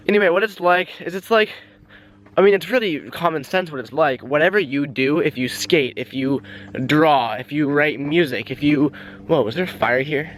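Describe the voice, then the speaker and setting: Holding a camera pointed at his face, a young man walks a trail outdoors and vlogs in a casual way. His voice is a little high with a fairly bright tone, and he's out of breath, rambling, and easily pulled onto tangents.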